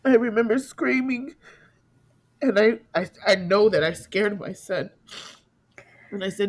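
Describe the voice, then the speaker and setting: Grieving woman recounting a loss, halting. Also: medium pitch, steady tone. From California. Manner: emotional, halting, repeats herself, acts out quoted voices. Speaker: guest telling her story. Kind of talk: personal storytelling interview.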